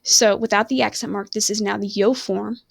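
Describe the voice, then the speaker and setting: A woman's voice: medium pitch, steady tone, moderate pace, vocal fry, husky, no echo. Woman teaching a recorded online lesson. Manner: self-correcting, apologetic, rambling. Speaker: Spanish teacher.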